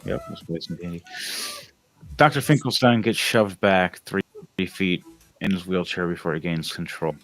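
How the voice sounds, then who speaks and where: Low-voiced man running a tabletop game. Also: normal speed. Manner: rambling with many fillers and restarts. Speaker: game master. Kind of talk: narrating a tabletop game over a call.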